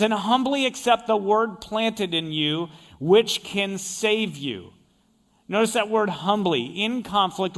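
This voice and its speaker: High-voiced male pastor preaching. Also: a bit bright. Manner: explains word meanings with emphatic repetition. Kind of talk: sermon.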